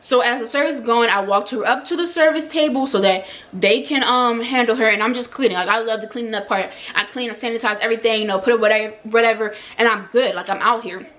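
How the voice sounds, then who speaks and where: A woman's voice: on the high side, fast, fairly bright tone. A young woman, a hairstylist, telling a story in a casual, chatty way with lots of "like" and repeated phrases. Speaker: hairstylist and vlogger.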